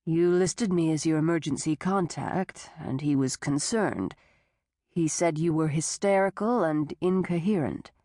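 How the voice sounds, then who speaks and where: A calm, clinical male doctor, as a woman narrator puts him on, lower and softer, gently patronizing. His slow, measured delivery sounds close and dry. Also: dry recording.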